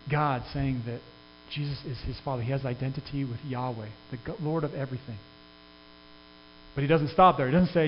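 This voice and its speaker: A pastor preaches in a steady, medium-pitched voice at a moderate pace, leaving long pauses and restarting often in an earnest, conversational way. The recording is dull, with long reverb and a faint hum in the background.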